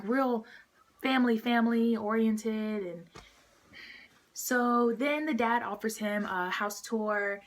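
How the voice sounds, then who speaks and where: A woman's voice: mid-range voice, fairly bright tone. A woman vlogger talks through a movie's story in a casual, rambling way. She fills her sentences with "like" and "um" and drops into little impressions of what people say. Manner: chatty, fillers like "like" and "um", acts out quotes.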